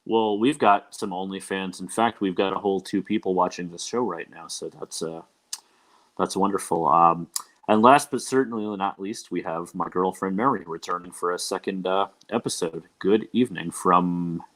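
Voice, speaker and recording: A man's voice: low voice, moderate pace, fairly bright tone. A young man hosting a casual livestream podcast, talking in a loose, rambling way with many ums and uhs. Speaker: podcast host.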